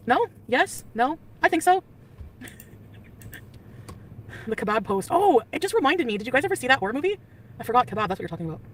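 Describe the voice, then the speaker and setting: A woman's voice: high-pitched, sing-song, fast, pauses often, recorded from a distance, a little hiss or hum. A woman livestreaming in a chatty, rambling way, giggling and answering her chat. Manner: rambling, giggly, jumps between topics. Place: on the go, partly in a store.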